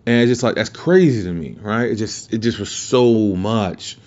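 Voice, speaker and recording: A male podcast host tells a story in a loose, rambling, foul-mouthed way, restarting often. His fairly low voice is a little mellow and moves at a moderate pace, captured on a muffled lo-fi recording.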